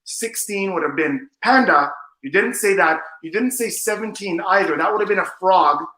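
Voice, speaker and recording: A man's voice: sits high, normal speed, bright, forceful tone, reverberant, low-quality recording. A man performing as a mentalist, showy and teasing, talking straight to the audience. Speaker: mentalist guest. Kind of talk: magic performance patter.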